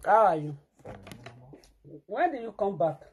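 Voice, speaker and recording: A woman's voice: mid-range voice, sing-song, measured pace, darkish tone, slight background noise. A woman with a Nigerian Pidgin accent giving dramatic, mocking commentary, breaking into chants and mock cries.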